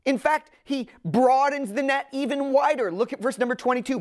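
A woman preaching a sermon, speaking directly to her listeners in an earnest, emphatic way and slowing down on key phrases. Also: high-pitched.

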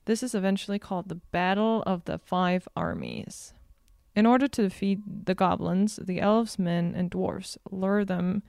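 A woman co-hosting a podcast, summarizing a book chapter in a steady, casual way. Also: mid-range voice, moderate pace, creaky, no echo, clean studio sound. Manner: steady summarizing, giggles at slips.

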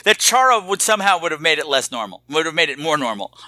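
A man's voice: fairly high pitch, big pitch swings, fast, pushed and bright, dry recording. A man co-hosting a podcast, trading campy, crude jokes about a movie and laughing at his own lines. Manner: slips into put-on voices. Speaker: podcast co-host. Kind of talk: casual comedic movie chat.

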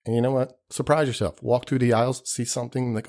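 A man's voice: medium pitch, fairly even intonation, fast talker, darkish tone. A man hosting a podcast, rambling in a casual, profane, self-deprecating monologue and acting out the people he quotes. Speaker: podcast host.

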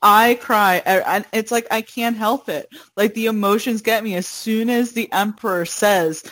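A woman co-hosting a podcast, chatting casually, laughing often and getting loud and emotional when excited. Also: a little high, moderate pace, hardly any pauses, no echo, low-quality recording. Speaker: podcast co-host. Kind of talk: casual chat.

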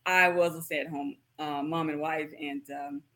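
A woman's voice: deep voice, steady tone, unhurried, bright, forceful tone. A woman in her thirties, a pelvic floor physical therapist, chatting casually in an interview and laughing at herself often.

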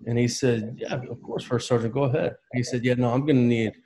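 A man's voice: mid-range voice, steady tone, brisk, mellow, slight background noise, low-quality recording. A man in his thirties telling an emotional personal story in a casual conversation, earnest and heartfelt. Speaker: podcast guest.

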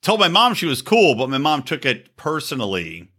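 Bright, lively man trading crude jokes. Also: on the high side, moderate pace. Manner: profane, teasing, laughs often. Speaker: podcast host. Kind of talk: crude casual banter.

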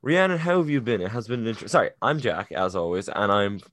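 A man's voice: fairly low pitch, very animated, fast talker, a bit bright, dry recording. Swearing man telling stories. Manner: swearing, self-deprecating storyteller. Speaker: podcast co-host. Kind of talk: casual chat and anecdote.

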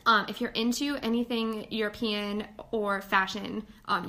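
A woman co-hosting a podcast, chatting casually with lots of fillers and lively retellings. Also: mid-range voice, normal speed. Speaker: podcast co-host. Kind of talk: casual chat.

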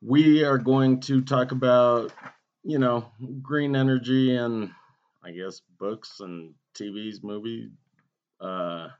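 A man's voice: medium pitch, fairly even intonation, slow. A man co-hosting a podcast, chatting casually and swearing often. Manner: laid-back, swears often. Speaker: podcast co-host. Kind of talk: casual profane chat. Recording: muffled lo-fi podcast audio.

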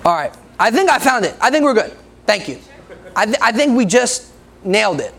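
Male preacher, very high voice, a gravelly edge, laughs a lot, playful with the congregation. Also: sing-song, fairly quick, a bit bright. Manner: laughs often, jokes with the congregation. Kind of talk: sermon.

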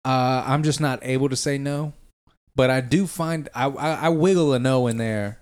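A man's voice: mid-range voice, moderate pace, darkish tone, clean tone. A man in casual chat, talking loosely and profanely, rambling with restarts.

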